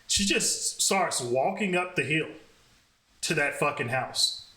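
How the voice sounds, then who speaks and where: A man telling a dating story in a casual, profane, animated way. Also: fairly high pitch. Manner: profane, animated, fast talking. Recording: roomy echo.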